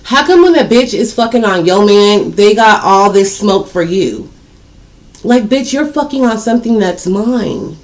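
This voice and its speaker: A woman's voice: medium pitch, expressive, a little slow. A woman telling viewers a personal story in a casual, blunt, profane way. She speaks to her audience directly and repeats words for emphasis. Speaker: storytime vlogger.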